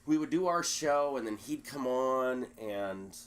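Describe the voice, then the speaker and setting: A man being interviewed, telling a story in a lively, animated way and acting out the quotes. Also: mid-range voice, unhurried, a loud crowd. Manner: animated storyteller, acts out quotes, many restarts. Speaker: guest.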